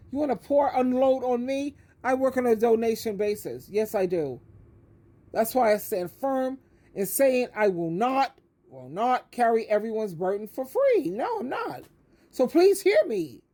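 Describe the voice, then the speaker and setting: A woman's voice: on the high side, warm tone. An older woman, an advice coach, giving an emphatic, preachy monologue that repeats words for stress and calls the listener honey. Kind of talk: direct-to-camera monologue.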